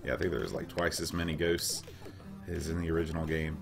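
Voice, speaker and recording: A hoarse, raspy middle-aged man co-hosting a podcast, rambling casually as he plays a retro game. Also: rumbling low, completely flat delivery, brisk, over music. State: hoarse, coughing. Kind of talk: casual gameplay chat.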